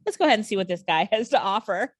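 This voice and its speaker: A woman's voice: mid-range voice, animated, quick pace, dry recording, studio quality. A woman hosting a casual online training, reacting with laughter and enthusiasm. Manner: enthusiastic, laughs often, asks the viewer questions.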